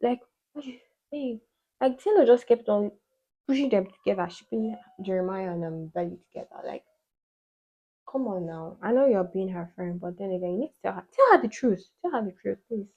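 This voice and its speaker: A woman's voice: mid-range voice, expressive, brisk, mellow, lo-fi sound. A woman beauty vlogger chatting casually while doing her makeup, rambling with lots of "like" fillers and playful asides.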